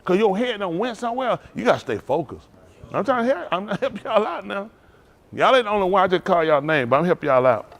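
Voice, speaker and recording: A man preaching a sermon, rousing and conversational, swinging between loud calls and hushed asides. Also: high-pitched, sing-song, fast, creaky. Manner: rousing call-and-response preaching, Southern Black church cadence. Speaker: pastor.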